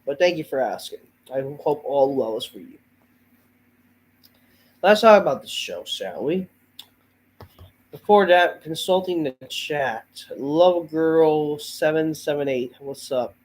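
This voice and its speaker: A man's voice: on the high side, expressive, takes it slowly, a little mellow, rough recording. Sick-sounding guy ranting and swearing, sighing a lot, fed up. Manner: profane, exasperated, sighing. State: under the weather, voice off. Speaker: host of a wrestling review show. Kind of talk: ranting show review.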